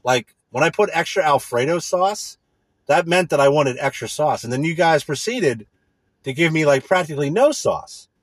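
A man's voice: fairly high pitch, lively intonation, normal speed, husky, no room sound. A man in a casual, profane, indignant rant. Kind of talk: casual ranting monologue.

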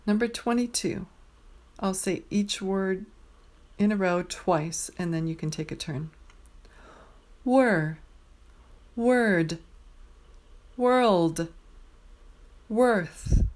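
A woman teaching pronunciation, saying each word slowly and clearly, with pauses between words. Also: mid-range voice, fairly even intonation, darkish tone. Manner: carefully enunciated single words with pauses. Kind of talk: slow, deliberate pronunciation drill.

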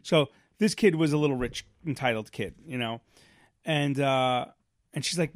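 A man co-hosting a podcast, telling stories in casual chat, rambling and animated with lots of restarts. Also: mid-range voice, moderate pace, no echo, clean studio sound. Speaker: podcast co-host.

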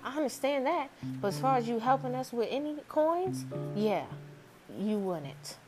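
Young woman, casual exasperated rant to camera, shifts from mocking low impressions to sharp high disbelief, music playing behind. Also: expressive, moderate pace. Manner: exasperated, mocks her mother in a lower voice, rising disbelief.

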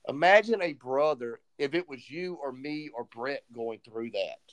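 Guy on a podcast telling a story, gets animated, voices the people he quotes. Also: medium pitch, normal speed. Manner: animated retelling, acts out quoted dialogue. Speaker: podcast co-host. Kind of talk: casual storytelling chat.

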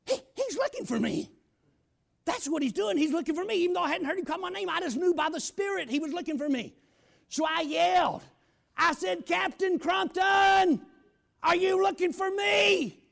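A man, a pastor giving a folksy testimony sermon that keeps breaking into shouted bursts. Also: very high voice, lively intonation, fairly quick, gravelly.

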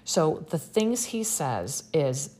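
A woman's voice: deep voice, very animated, slow pace, mellow. A young woman hosting a podcast, recapping a show in a chatty, sarcastic way with lots of fillers. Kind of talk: casual chat.

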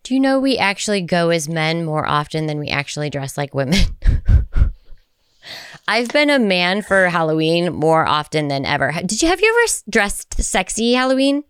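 A woman's voice: fairly low pitch, sing-song, moderate pace, a bit bright, smooth, dry recording, clean studio sound. A woman co-hosting a podcast in casual chat, teasing and laughing often. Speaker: podcast co-host.

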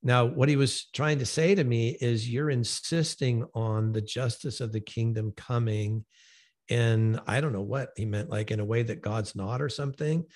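A man hosting a podcast who explains his points in a measured, gently emphatic way. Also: mid-range voice, steady tone. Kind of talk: conversational teaching.

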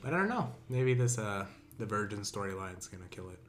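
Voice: deep voice, brisk. A young adult co-hosting a casual podcast, talking in rambling runs full of "like" and restarts. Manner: lively, rambling with many likes and restarts. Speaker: podcast co-host. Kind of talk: casual chat.

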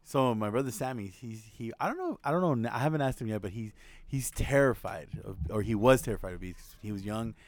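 A young man co-hosting a podcast who tells a family story in casual chat, laughs often and mimics shouting relatives. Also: mid-range voice, brisk, dry recording. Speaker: podcast co-host.

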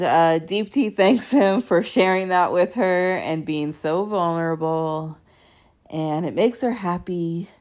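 A woman's voice: lowish voice, darkish tone. A young woman hosting a podcast, recapping a reality show in casual chat, sarcastic and laughing often.

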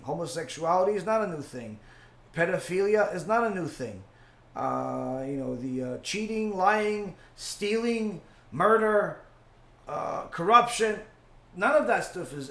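A man teaching a Torah class and answering questions, halting with many fillers and repeating key phrases. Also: sits high, fairly bright tone, echoey room. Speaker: rabbi teacher.

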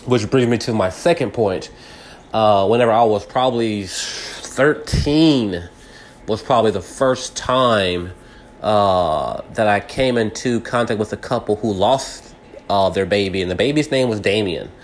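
A man's voice: on the low side, measured pace, slight background noise. A man in his thirties talking through a personal story in a rambling way, full of restarts and fillers. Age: 30s. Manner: grows heated and agitated when angry. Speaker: podcast host. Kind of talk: personal reflective monologue.

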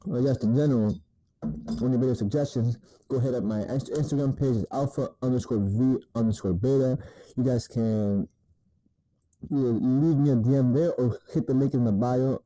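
A man's voice: medium pitch, dark tone, no room sound, low-quality recording. A man hosting a casual advice monologue, talking crudely and profanely and tacking "man" onto his sentences. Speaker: dating advice host.

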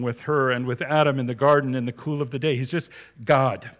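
A man's voice: medium pitch, moderate pace. A man preaching a sermon, reading scripture aloud and then explaining it with emphasis.

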